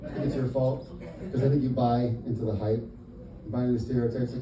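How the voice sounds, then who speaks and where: A young man from Indiana doing a stand-up comedy set in a comedy club. He is punchy and exasperated, swinging between mutters and loud bursts. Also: mid-range voice, fairly even intonation, fast talker. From Indiana, USA. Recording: roomy club, mic at a distance, audible noise.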